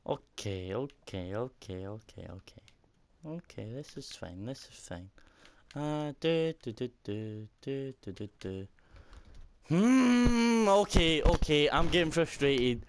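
A man's voice: medium pitch, animated, measured pace. A young man commenting on a game from his room at home, frustrated, swearing and laughing at himself. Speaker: gaming YouTuber. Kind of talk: let's-play commentary. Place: room at home with window open. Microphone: microphone at computer.

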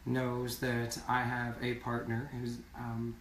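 A man's voice: medium pitch, monotone, slow pace, fairly bright tone, a little hiss or hum. A man singer in a casual live video chat, speaking earnestly and repeating words for emphasis. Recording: roomy sound from far off.

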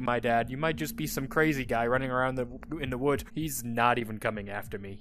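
A young man commenting on a VR game he is playing, joking and swearing, with sudden shrieks and yells when he is chased. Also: mid-range voice, normal speed, background noise. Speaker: gaming streamer. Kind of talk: VR gameplay commentary.

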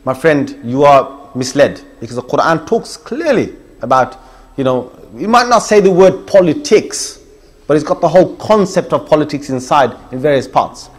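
A man's voice: on the high side, a little mellow. A middle-aged man giving an emphatic Islamic lecture, listing points and challenging his listeners directly. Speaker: Islamic preacher. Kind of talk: religious lecture.

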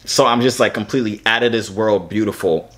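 A man's voice: lowish voice, fairly quick, fairly bright tone. Playful young man chatting casually. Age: 20s. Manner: playful, teasing, boastful. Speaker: vlogger chatting with strangers on a video chat app. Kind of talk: casual joking chat. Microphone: phone on a video chat app.

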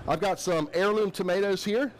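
A man's voice: high-pitched, normal speed, a little hiss or hum. A man, a chef doing a live cooking demo in an upbeat, chatty way. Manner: upbeat, chatty, lots of shout-outs.

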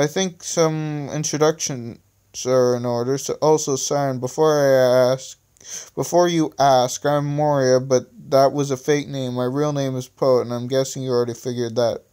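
A man's voice: medium pitch, dark tone, smooth. A man reading his own story aloud, stumbling and restarting often and adding self-mocking asides. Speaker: reader of his own stories. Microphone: phone screen recorder.

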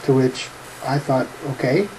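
A man's voice: medium pitch, steady tone, normal speed, warm tone, slight background noise, low-quality recording. A middle-aged man narrating a family anecdote for a home video with a dry, teasing humor, chuckling at his own jokes. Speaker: family storyteller.

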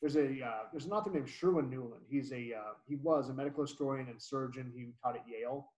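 A man's voice: medium pitch, fast, a little mellow, poor audio. A man hosting an online book club, talking in a rambling way, correcting himself and laughing often. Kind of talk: casual book discussion. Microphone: video call.

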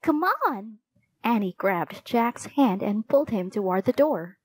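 A woman narrating a children's storybook in a clear, expressive read-aloud manner. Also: mid-range voice, normal speed, no room sound. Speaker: audiobook narrator.

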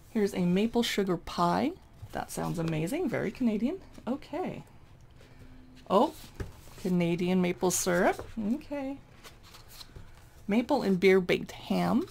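Casting: enthusiastic woman, lively pitch, slight vocal fry, casual review tone. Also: a little hiss or hum. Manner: chatty, enthusiastic, exclaims over recipes. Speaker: cookbook reviewer. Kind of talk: casual cookbook flip-through.

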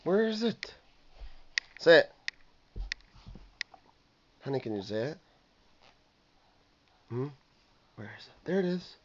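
A father in a home video gently coaxing his toddler, repeating questions and prompts over and over. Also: on the high side, very animated, slow pace, pauses often. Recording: muffled home video with faint noise.

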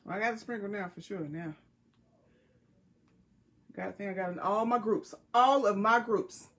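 A woman runs a live jewelry sale from a tablet, chatting in a folksy, friendly way and greeting viewers by name. Her voice is medium-pitched and fairly bright, at a moderate pace.

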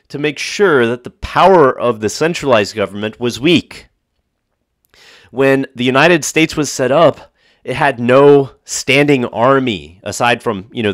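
A man's voice: medium pitch, no echo, studio quality. A man preaching a sermon, reading scripture aloud and stressing points by repeating phrases.

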